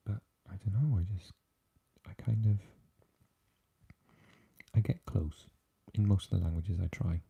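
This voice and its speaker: A Welsh man hosting a whispered ASMR live chat, talking softly and haltingly with lots of fillers as he answers viewers. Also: low voice, gravelly, slightly rough, narrow, tinny audio. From Wales. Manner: soft and halting, with many fillers, chatting with viewers. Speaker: ASMR livestream host.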